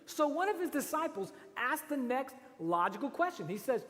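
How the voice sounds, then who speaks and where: Animated high-voiced male pastor preaching. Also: moderate pace, hardly any pauses, big-room sound. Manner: animated, conversational, rhetorical asides. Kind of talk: sermon. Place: church.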